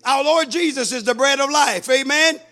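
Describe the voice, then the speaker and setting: A man preaching a sermon, fervent, breaking into shouts and sing-song cadences. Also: very high-pitched, moderate pace.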